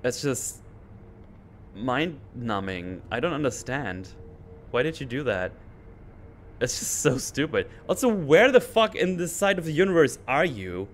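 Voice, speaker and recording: Male host, casual sarcastic rant, average pitch, faint background hum. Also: a little slow. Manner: animated, sarcastic, mocking voices. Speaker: channel host. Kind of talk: casual ranting recap.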